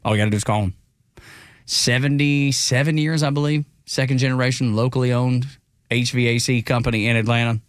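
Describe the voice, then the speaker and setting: A man's voice: mid-range voice, steady tone, fairly quick, clean tone, dry recording, studio quality. A man hosting morning talk radio, chatty and folksy, sounding congested as he chats and reads an ad. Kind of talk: casual talk radio chat and live-read ad. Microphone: studio microphone.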